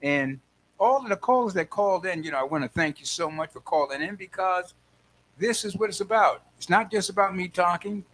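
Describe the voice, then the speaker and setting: Lively older man hosting radio talk. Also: high voice, brisk, a little hiss or hum. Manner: lively, playful, acts out voices, frequent laughs. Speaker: radio show host. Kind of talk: animated solo radio talk.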